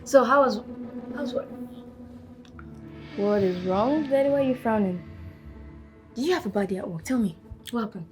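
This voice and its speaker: An actress plays a young woman, a devoted daughter in a film drama. Her voice runs high and swings widely, pleading and tipping into sobs. Soft music sits faintly under her. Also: expressive, normal speed, long pauses, lightly acted. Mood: worried. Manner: pleading, breaks into sobbing.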